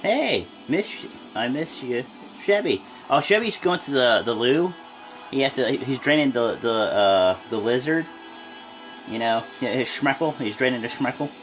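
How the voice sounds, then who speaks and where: A man's voice: medium pitch, lively intonation, normal speed, faint music behind. A sleepy young man giving rambling, casual reaction commentary, often stopping to correct himself. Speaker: wrestling reaction vlogger.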